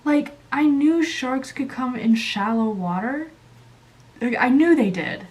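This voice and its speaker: A woman hosting her channel, telling a story casually while coloring, animated and chatty, jumping up in pitch when she acts out quotes. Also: slow pace. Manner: chatty, many fillers and asides. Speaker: channel host.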